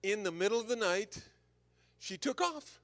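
An older man giving an anecdotal sermon as a visiting preacher, telling stories in a lively way and chuckling at his own jokes. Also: sits high, moderate pace.

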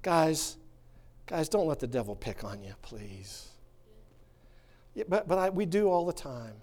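A male pastor preaching a sermon, swinging from quiet musing to fervent shouting. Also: a little high, sing-song, a little slow.

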